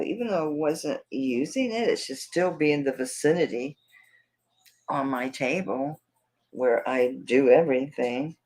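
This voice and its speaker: A woman's voice: low voice, poor audio. Chatty Southern woman selling jewelry live. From Tampa, Florida, USA. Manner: chatty and rambling, talking to herself while searching. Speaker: live jewelry sale host. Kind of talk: casual live-stream selling chat.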